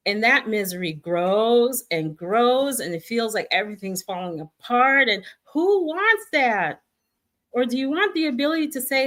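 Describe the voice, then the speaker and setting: A middle-aged woman with a fairly high, expressive voice hosts a casual spiritual guidance talk at a measured pace. Warm and reassuring toward her viewers, she acts out the voices in their heads.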